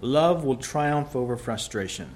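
A man preaching a sermon, rising to loud emphatic peaks and dropping to quiet, soft passages. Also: medium pitch, expressive, measured pace, slight background noise.

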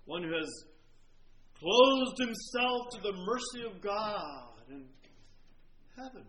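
A man preaching a sermon, dramatic, dropping to a hush and then swelling loud as he quotes dying men. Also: high voice, big pitch swings, takes it slowly, long pauses, poor audio. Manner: dramatic, swings from hushed to loud when quoting.

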